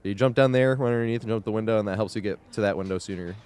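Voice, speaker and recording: A man's voice: fairly low pitch, racing, a little mellow, smooth. A young man streaming a game live, chatting loosely with frequent laughs and casual swearing. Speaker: gaming streamer.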